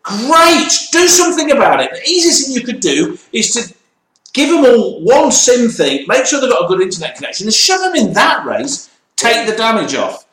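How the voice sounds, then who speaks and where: A man co-hosting a motorsport show, talking in animated, opinionated banter. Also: very high-pitched, normal speed, echoey room, poor audio. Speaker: co-host. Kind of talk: casual banter.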